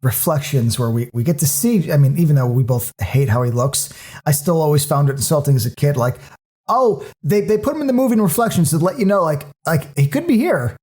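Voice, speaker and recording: A man co-hosting a podcast in casual chat, ranting in an animated way with many restarts. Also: on the high side, brisk. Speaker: podcast co-host.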